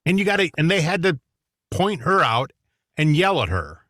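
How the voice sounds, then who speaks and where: A man co-hosting a casual radio talk show, opinionated and quick to chuckle. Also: fairly high pitch, very animated, bright, forceful tone, no room sound, clean studio sound.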